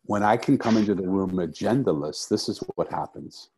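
The voice of this middle-aged man sits low, with a darkish tone, a breathy edge and a moderate pace. In conversational storytelling as an interview guest, he shares a personal story earnestly and reflectively, repeating phrases for emphasis.

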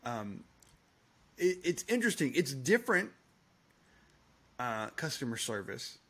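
Middle-aged man, podcast co-host, husky voice, easygoing casual chat. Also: mid-range voice, sing-song, a little slow, a bit bright. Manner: easygoing, agreeable.

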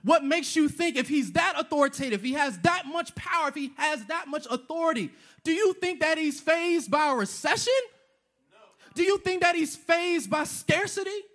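A very high-pitched, fairly bright, animated man preaches at a moderate pace. The pastor is emphatic and repetitive, rattling off rhetorical questions and slipping slang into the sermon.

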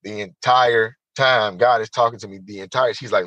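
A man telling a personal story as an interview guest, animated and emphatic, speaking straight to the listeners. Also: on the low side, moderate pace, no echo, rough recording.

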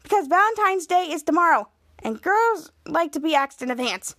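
Lady doing a know-it-all teen boy, high voice, pushy. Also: very animated, normal speed, a bit bright, dry recording, studio quality, full character voice. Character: teenage boy friend, giving advice.

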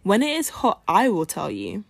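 A woman's voice: mid-range voice, huge pitch swings, moderate pace, creaky, dry recording, heavily acted. A woman voicing a clever, watchful male monkey in a spoken folk tale, with a teasing manner.

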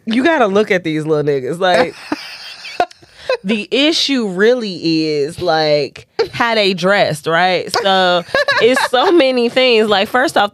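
A woman co-hosting a podcast talks in a lively voice that rises and falls as she tells a story. She is profane and laughs often, and she slips into silly voices along the way. She is recorded close on a dry, dead mic. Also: mid-range voice, no echo. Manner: animated, profane, laughs a lot, mimics voices. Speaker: podcast co-host. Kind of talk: casual comedic chat.

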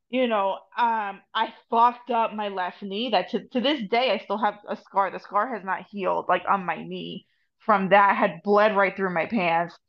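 A woman with a New Jersey accent telling a story in casual, profane chat as a podcast guest, dropping Spanish phrases. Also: mid-range voice. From United States. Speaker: podcast guest, Reiki master and tarot reader. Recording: dull lo-fi podcast audio.

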